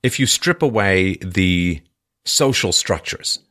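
This is a man hosting a loose, talky book discussion who wanders through his thoughts with restarts and fillers. His voice is bright and forceful, and he grows animated as he goes. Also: low voice, slow pace. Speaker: podcast host. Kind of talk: casual literary discussion.

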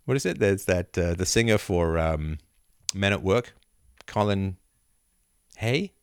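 A middle-aged man hosting a live video chat, reading viewer comments aloud and riffing with animated laughter. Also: low voice, unhurried, smooth, no echo, studio quality. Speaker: livestream host answering chat. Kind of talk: casual live-stream chat. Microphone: camera and mic on a live video chat.

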